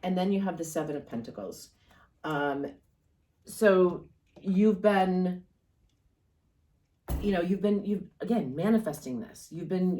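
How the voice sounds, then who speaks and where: Low-voiced woman giving a rambling tarot reading. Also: warm tone, slight background noise. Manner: rambling, encouraging, many fillers and restarts. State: coughing and yawning at times. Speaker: tarot reader. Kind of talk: casual tarot reading monologue.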